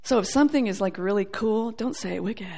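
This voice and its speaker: A woman teaching a sermon in a church setting, animated and playful, acting out quoted voices as she goes. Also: mid-range voice, brisk, gravelly. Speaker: Bible teacher.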